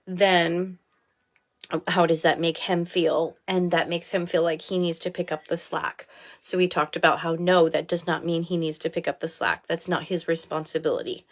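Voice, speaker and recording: Brief: woman in her 30s, live video from a small bathroom, candid and heartfelt, quick to laugh, lowish voice. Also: flat delivery. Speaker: life coach. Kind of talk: casual live video talk.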